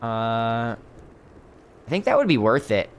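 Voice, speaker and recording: A man's voice: medium pitch, sing-song, slow pace. A man commenting on a video game as he plays, musing aloud with wry jokes. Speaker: gaming channel host. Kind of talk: let's play commentary.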